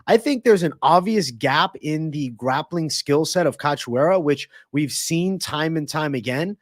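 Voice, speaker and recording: A man's voice: fairly high pitch, animated, a little slow, no echo, clean studio sound. A man hosting a livestream of fight predictions, talking loosely and profanely while hyping and answering viewers in chat. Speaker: livestream host.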